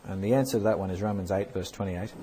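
Lively male preacher, low voice. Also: quick pace, slight background noise, low-quality recording. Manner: lively, conversational, animated emphasis. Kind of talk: sermon with question answers.

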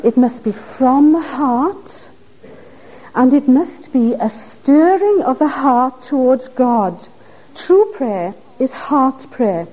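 A woman's voice: high voice, lively intonation, takes it slowly. A woman preaching a sermon, pressing her listeners with earnest, pleading questions. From Wales. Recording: dull lo-fi recording.

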